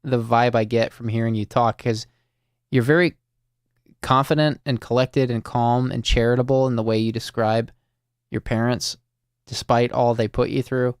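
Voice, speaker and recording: Deep-ish gravelly guy hosting a call-in show, slow and thoughtful, lots of ums, dry close sound. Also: fairly even intonation, dry recording. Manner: slow, thoughtful, with many fillers and restarts. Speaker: host of a listening call-in show. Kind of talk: reflective, gentle conversation with a caller.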